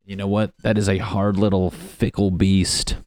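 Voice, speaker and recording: A man's voice: sits low, little pitch movement, moderate pace, darkish tone, no room sound. A young man hosting a casual solo podcast, rambling and self-mocking with plenty of swearing. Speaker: podcast host.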